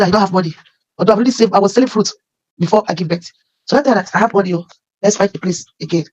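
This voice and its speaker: A woman with a Nigerian accent telling her life story as emotional personal testimony, halting and often repeating her phrases. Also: lowish voice, a little mellow, muffled recording.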